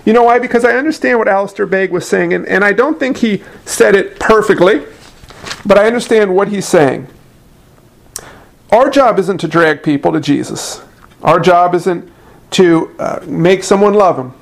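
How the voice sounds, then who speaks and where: A man's voice: high-pitched, normal speed, gravelly. A man preaching a sermon in a conversational way, often calling his listeners folks, telling a story from his seminary years. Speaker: pastor.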